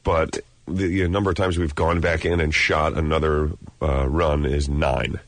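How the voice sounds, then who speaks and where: A man who hosts a game show, chatting as a guest in a casual interview and telling animated stories with frequent laughter. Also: very deep voice, normal speed, dry recording.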